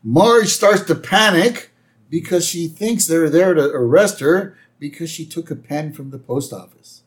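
A man co-hosting a casual podcast, narrating scenes calmly with everyday fillers. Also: a little high, a little slow. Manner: relaxed storyteller, narrates scenes step by step with fillers. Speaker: podcast co-host. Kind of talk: casual chat recapping a TV episode.

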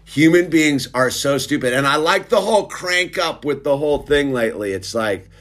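A middle-aged man with a slightly raised pitch rants casually and sarcastically. He rambles, trips over his words and restarts sentences. He keeps calling the listener "dude". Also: lively intonation, moderate pace, fairly bright tone. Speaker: commentator. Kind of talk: casual ranting monologue.

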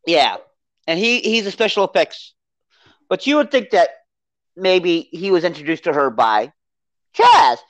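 A podcast co-host in a casual movie review chat, rambling and animated as they recount the plot. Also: medium pitch, unhurried, pauses often, no echo. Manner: rambling, animated, acts out character quotes.

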